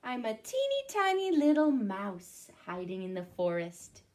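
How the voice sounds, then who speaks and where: A woman voicing a teeny tiny mouse who squeaks in very high, soft little sounds. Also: wildly swooping pitch, unhurried, slight background noise. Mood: cute.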